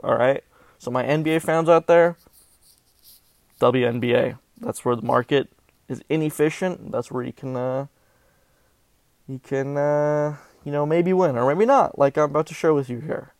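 A man with a gravelly, creaky voice hosts a sports betting show in casual chat. He's animated and melodramatic, mocking himself over his losses. The sound is dry and close to the mic. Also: a little high, moderate pace, dry recording. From Southern California. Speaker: sports betting podcast host.

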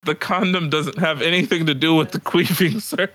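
A man's voice: a little high, moderate pace, a bit bright. A man co-hosting a casual comedy podcast, laughing often and swearing freely as he retells stories. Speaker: podcast co-host.

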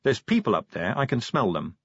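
A man's voice: mid-range voice, sing-song, brisk, breathy edge, no room sound, muffled recording. A man reading an audiobook, voicing a tough young female werewolf sergeant who speaks bluntly and dryly.

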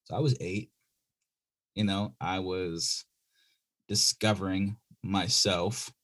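A young man tells a story on a podcast in a husky voice. He is loose and animated, and he acts out the other people in his story. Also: sits low, slow pace. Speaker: podcast co-host. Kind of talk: casual storytelling chat.

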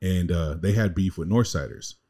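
A man's voice: low-pitched, moderate pace, warm tone. A man co-hosting a podcast, telling a long family story in a rambling, slangy, casual way. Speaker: podcast co-host.

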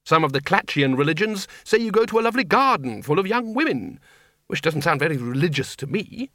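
A man's voice: fairly high pitch, sing-song, a little fast, sharp tone, no echo, clean studio sound, pitched above the performer's own voice, full character voice. A man voicing a timid, elderly male zombie wizard who stammers and hesitates. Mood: musing.

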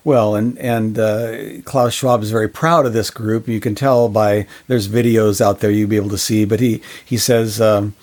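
A man's voice: fairly low pitch, steady tone, moderate pace, few pauses, a little mellow. A man co-hosting a podcast in casual discussion, speaking earnestly with many fillers and restarts. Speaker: podcast co-host.

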